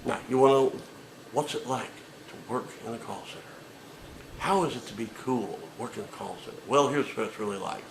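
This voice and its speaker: A man's voice: mid-range voice, a little fast, creaky, echoey room, background noise. A man delivering a sarcastic, profane comedic rant with emphatic delivery.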